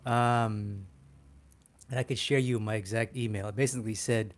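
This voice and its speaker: Excitable man teaching on a livestream. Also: on the low side, moderate pace. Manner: excitable, swears casually, laughs often. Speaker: poster artist teaching a livestream. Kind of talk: casual livestream tutorial.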